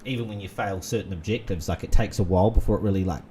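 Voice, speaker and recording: Aussie guy rambling over a retro game, lots of likes and you knows, deepish mellow voice, bit of noise behind. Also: quick pace. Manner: rambling, many fillers and restarts. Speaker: gaming channel host. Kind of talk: casual let's-play commentary.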